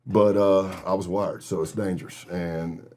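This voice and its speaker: A man's voice: low voice, fairly even intonation, unhurried, a little mellow, slight background noise. A middle-aged man from Texas, a guest telling vivid stories in a casual interview and acting out other people's lines. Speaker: guest, retired FBI agent.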